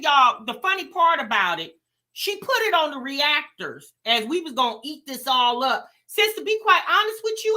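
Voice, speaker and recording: Woman reaction host, high bright voice, super animated, talks right at the viewers. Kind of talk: casual commentary.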